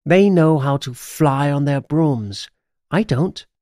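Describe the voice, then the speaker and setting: A woman's voice: takes it slowly, warm tone, no echo, clean studio sound. A man voicing a stubborn, boastful witch in a storybook reading, giving her a bossy, impatient manner. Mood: eager. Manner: bossy and impatient, shrill when upset.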